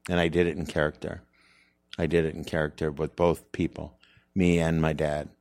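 Comedian guest, very low gravelly voice, reflective and candid. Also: male voice, level tone, normal speed, darkish tone, dry recording, studio quality. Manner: earnest, reflective, rambling with restarts. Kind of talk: candid interview conversation.

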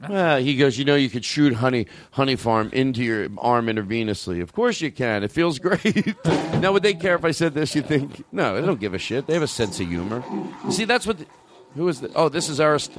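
A man's voice: medium pitch, no room sound. A man hosting a show in casual chat, rambling, cutting himself off and swearing freely. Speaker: podcast host.

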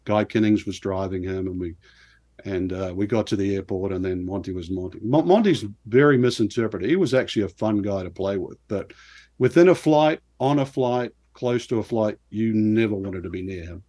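Middle-aged male guest, lower voice, easy anecdotal storyteller with a self-mocking streak. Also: normal speed. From New Zealand. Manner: animated anecdotes with self-deprecating laughs. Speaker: former pro golfer, guest. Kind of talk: casual storytelling interview.

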